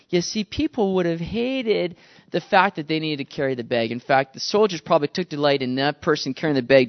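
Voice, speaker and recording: A man's voice: high voice, a little fast, lo-fi sound. A man preaching a sermon, telling stories with animation and acting out the quotes. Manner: animated storytelling, acts out quotes. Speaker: pastor.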